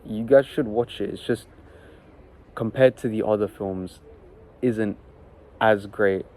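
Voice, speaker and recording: A man's voice: on the low side, darkish tone. A man giving a casual film review, ranting and swearing as he talks.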